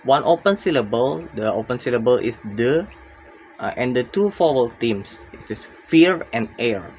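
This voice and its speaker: Young male student, mid-pitched, reads his class presentation with some hesitation, faint noise behind. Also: animated, normal speed, a little mellow, rough recording. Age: young adult. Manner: careful reading with frequent uh fillers and restarts.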